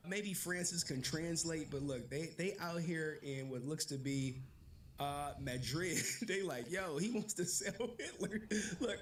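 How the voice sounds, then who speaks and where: High-voiced laughing male streamer. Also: slight background noise. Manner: laid-back, laughs often, swears. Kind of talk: casual livestream chat.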